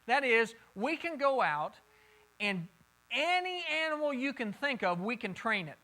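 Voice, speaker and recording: Teaching a Bible lesson, this pastor has a very high-pitched, sing-song voice that sounds pushed and bright, and he speaks unhurriedly. He keeps it conversational, repeating words as he thinks and fielding questions from listeners, all on a low-quality recording.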